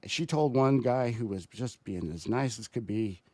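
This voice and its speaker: A man telling a story as a podcast guest, rambling and animated, with frequent restarts. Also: mid-range voice, moderate pace, no echo. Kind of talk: casual podcast chat.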